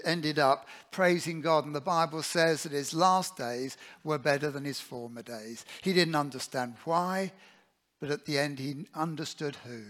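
A man's voice: a little high, a bit bright. A man preaching a sermon in an earnest way, often putting rhetorical questions to his listeners.

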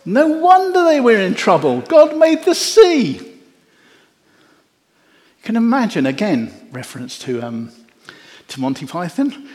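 A man preaching a sermon, telling the story in an animated way with wry jokes. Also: sits high, measured pace. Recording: echoey hall.

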